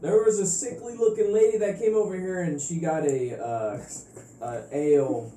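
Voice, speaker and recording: A man's voice: on the high side, moderate pace, dark tone. A man playing a tabletop game, joking and bantering with the table. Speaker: player. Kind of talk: casual tabletop play. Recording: echoey room with faint noise.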